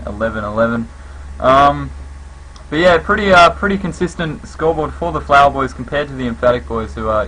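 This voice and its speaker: A man giving live play-by-play commentary on a game match, calling action in quick bursts that jump up on big plays. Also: mid-range voice, slight background noise, rough recording. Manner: rapid calls with bursts of excitement on kills. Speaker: esports commentator.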